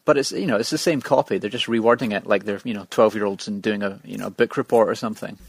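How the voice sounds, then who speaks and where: A man's voice: lowish voice, fast talker, vocal fry, breathy edge, no room sound. A man co-hosting a podcast, chatting casually with lots of restarts and stammers, sounding exasperated. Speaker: podcast co-host. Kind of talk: casual chat.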